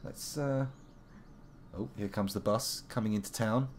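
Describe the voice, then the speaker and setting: A man's voice: fairly low pitch, a little slow, slight background noise. A man from the United Kingdom giving casual gameplay commentary as a streamer, wry and self-mocking, with frequent fillers. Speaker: game streamer.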